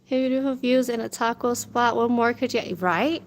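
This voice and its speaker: On a noisy, windy street, a woman with a fairly high voice talks at a moderate pace for her food vlog. She keeps it casual, laughing frequently and repeating things other people told her.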